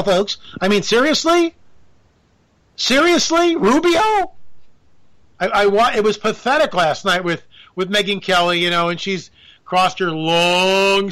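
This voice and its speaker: Male political commentator, high and bright voice, sarcastic and animated, riffing solo. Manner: animated, sarcastic, joking asides. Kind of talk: casual political monologue.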